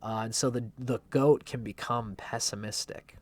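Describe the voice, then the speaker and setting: A man's voice: mid-range voice, fairly even intonation, moderate pace. A man teaching astrology in a loose, conversational way, with a playful and irreverent edge. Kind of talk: casual explanatory talk.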